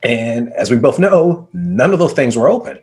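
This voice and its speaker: A mid-pitched man speaking as a business coach, telling his stories with energy. He hammers points home by repeating words and speaks in a loose, conversational way over a video call. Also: sing-song, normal speed, darkish tone. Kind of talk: conversational storytelling.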